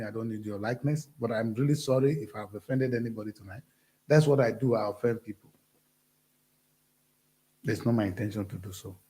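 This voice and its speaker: A man's voice: on the low side, dark tone. A man with a Nigerian accent hosting his own show, delivering a fiery, preachy and blunt monologue. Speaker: show host. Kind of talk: impassioned monologue.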